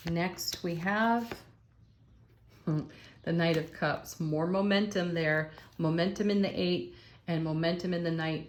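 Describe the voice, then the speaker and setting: Lowish-voiced woman doing an upbeat tarot reading. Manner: enthusiastic, affirming, exclaims over cards. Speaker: tarot reader.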